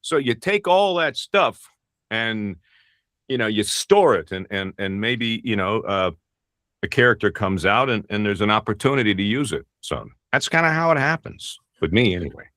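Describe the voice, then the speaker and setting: A man's voice: fairly low pitch, animated, moderate pace, a bit bright, no room sound, studio quality. A middle-aged man, a voice actor, talking casually in an interview, rambling and self-deprecating with many restarts. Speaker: voice actor guest.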